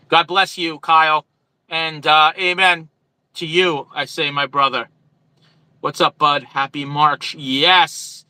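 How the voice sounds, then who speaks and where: A man's voice: on the high side, steady tone, unhurried, pauses often, sharp tone, clear, resonant tone, no room sound, low-quality recording. A man from New Jersey with a New Jersey accent, a truck driver chatting casually on a livestream, reading viewer comments and greeting viewers by name from a truck stop.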